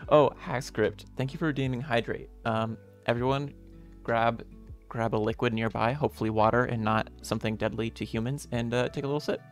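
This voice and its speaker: A man hosting a casual live stream. He greets viewers one by one in an upbeat, friendly way, with playful, softly self-mocking asides. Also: mid-range voice, fairly even intonation, brisk. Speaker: streamer and game developer. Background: faint lo-fi music.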